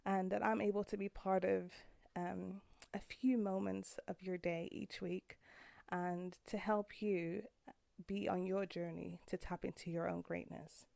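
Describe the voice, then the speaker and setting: A woman's voice: medium pitch, flat delivery, unhurried, gravelly, mellow, dry recording. A woman in her thirties hosting a podcast from a room at home, speaking in a heartfelt, earnest way that turns emotional. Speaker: podcast host. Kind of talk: personal podcast monologue.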